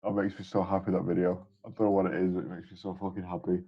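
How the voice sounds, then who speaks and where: Husky, deep-voiced sweary man. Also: completely flat delivery, very fast, dull audio. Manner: sweary, stammering restarts, enthusiastic. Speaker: podcast co-host. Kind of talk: casual chat.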